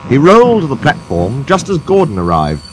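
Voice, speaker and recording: A male storyteller reads a children's tale with a lively, animated voice. His tone rises and falls freely. Music plays under the narration. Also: fairly high pitch, a little fast.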